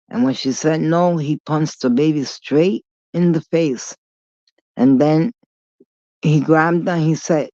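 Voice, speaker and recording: A woman's voice: low-pitched, measured pace, warm tone, no echo. A woman vlogger telling a long story in a rambling, digressive way, blunt and full of swearing. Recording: dull lo-fi recording.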